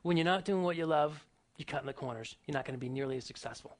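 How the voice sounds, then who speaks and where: Fast-talking motivational speaker, man. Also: a little high. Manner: emphatic, rhetorical questions, storytelling. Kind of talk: motivational speech to an audience.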